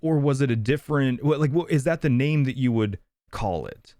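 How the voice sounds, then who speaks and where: A man's voice: medium pitch, normal speed, dark tone, no room sound, studio quality. A man co-hosting a casual podcast over a video call, thinking aloud with lots of restarts and fillers. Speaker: podcast co-host.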